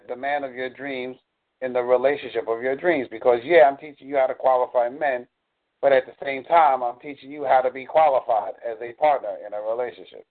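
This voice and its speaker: A man in a coaching call, explaining earnestly and drawing on examples. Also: mid-range voice. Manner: earnest, explanatory, uses y'all. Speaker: dating coach. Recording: tinny phone line.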